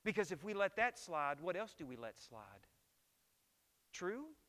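A man's voice: sits high, very animated, measured pace, a bit bright. A middle-aged man preaching a sermon as pastor, emphatic and asking the congregation rhetorical questions.

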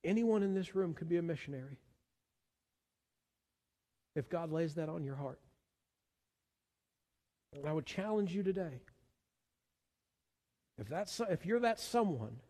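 A man's voice: high-pitched, darkish tone, long reverb tail. A man preaching a sermon as pastor, earnest and given to repeating words as he searches for the next one. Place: church sanctuary.

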